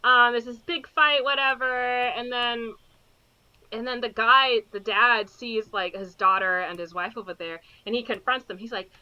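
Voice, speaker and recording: Podcast co-host, woman, bright and a bit high, rambling plot recap on dull lo-fi audio. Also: moderate pace. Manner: rambling, full of fillers, acts out characters' lines. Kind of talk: casual chat recapping a movie.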